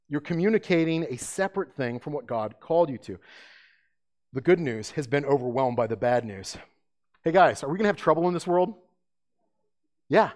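A man's voice: fairly high pitch, expressive, normal speed, pauses often. A man preaching an emphatic sermon as pastor, asking his listeners rhetorical questions.

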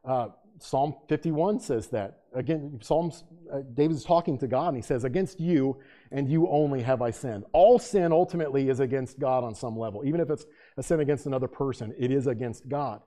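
A man's voice: medium pitch, brisk, dark tone. A man preaching a sermon in a dramatic style, firing off repeated rhetorical questions and acting out the quotes he reads. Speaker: pastor.

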